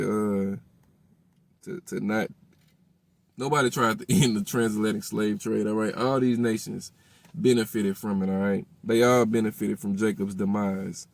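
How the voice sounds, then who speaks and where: A man's voice: fairly low pitch, creaky, darkish tone, no room sound. A man reading scripture aloud and explaining it, checking in with his listeners with "all right?" after nearly every phrase. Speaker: teacher of a religious group.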